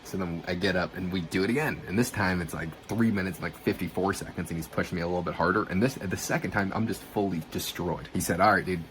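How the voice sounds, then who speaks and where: Low-pitched male vlogger, casual storyteller who swears freely, faint background hiss. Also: quick pace, hardly any pauses. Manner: swearing, animated retelling with quoted dialogue.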